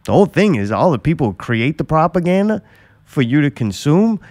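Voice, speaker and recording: A man's voice: on the high side, sing-song, brisk, a little mellow, no echo, clean studio sound. A man hosting a podcast who talks in a blunt, rambling way, swearing freely as he chats. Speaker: podcast host. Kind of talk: casual chat.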